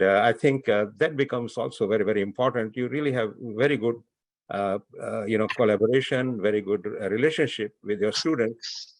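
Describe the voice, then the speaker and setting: A man with an Indian accent who teaches physicians, speaking on a webinar panel in a halting way, with many fillers and repeated words. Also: lowish voice, no room sound.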